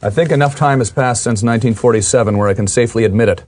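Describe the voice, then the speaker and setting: A man's voice: mid-range voice, very fast, a little mellow. A man appearing as a guest comedian, reading jokes and chuckling along in casual banter. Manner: laughs through jokes, agreeable.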